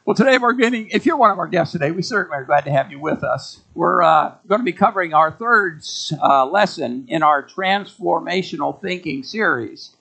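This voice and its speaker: A man's voice: a little high, expressive, fairly quick, gravelly, few pauses, pushed and bright, poor audio. A man preaching a sermon to his congregation, folksy and emphatic. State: out of breath. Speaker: pastor.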